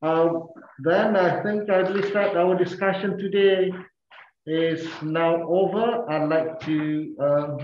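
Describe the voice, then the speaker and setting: A man's voice: fairly high pitch, fairly even intonation, takes it slowly, slight background noise. A man moderating a webinar over a video call, polite, often repeating words as he restarts. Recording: echoey muffled call audio.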